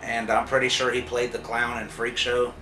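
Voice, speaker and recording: A man's voice: mid-range voice, completely flat delivery, moderate pace, sharp tone. A man reviewing a TV episode in a casual spoiler recap, telling the story loosely with frequent swearing and fillers. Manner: loose, profane storytelling with lots of "like" and "uh". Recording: roomy echo, distant mic, faint music.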